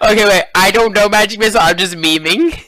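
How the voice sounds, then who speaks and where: High bright joking male player. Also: fast talker. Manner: joking, laughing, swearing. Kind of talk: casual game chat. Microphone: online voice call.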